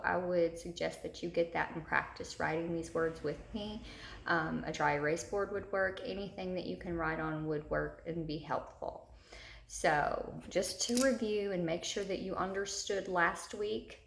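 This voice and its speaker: A woman teacher giving a recorded lesson to young children, patient and guiding them step by step. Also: mid-range voice. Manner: slow, patient, talks learners through each step. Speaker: third grade teacher. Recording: echoey room.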